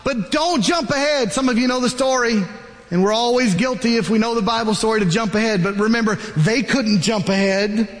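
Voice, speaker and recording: A man preaching a sermon, retelling a Bible story as an animated storyteller. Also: extremely high pitch, fairly quick, in a large hall. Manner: animated storyteller, acts out the characters.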